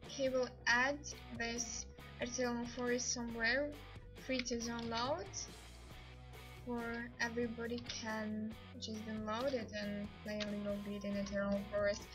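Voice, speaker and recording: A woman hosting a live game stream, commenting excitedly as she plays, laughing often and speaking English as a second language. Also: fairly high pitch, poor audio. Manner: excitable, laughs often, non-native grammar.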